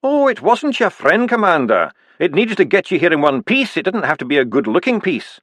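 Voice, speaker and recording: An earnest, urgent dwarf priest, voiced by a man, pressing his point with a lively, rising voice. He talks fast and persuasively, and his delivery is dry and close. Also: high-pitched, no echo, voice pushed up, exaggerated voice.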